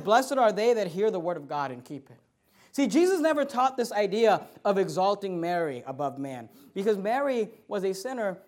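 A pastor with a notably high voice preaches a sermon from the pulpit. His delivery is emphatic yet conversational, and he often restarts sentences as he builds his point.

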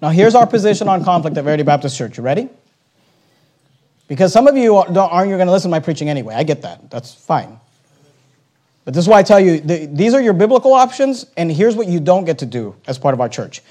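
A man delivers a sermon from the pulpit in a high voice. He swings from soft, earnest passages to loud, lively outbursts and acts out short dialogues between people. He quotes scripture along the way. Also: fast. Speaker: pastor.

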